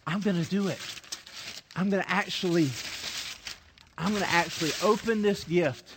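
A man voicing Mary, an overwhelmed and unsure young woman, speaking in a hushed, halting way. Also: high voice, noisy background. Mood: resolved.

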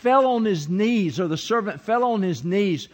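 A man's voice: high-pitched, expressive, normal speed. A man preaching a sermon as pastor, telling a story and reading scripture, acting out the quoted voices as he goes.

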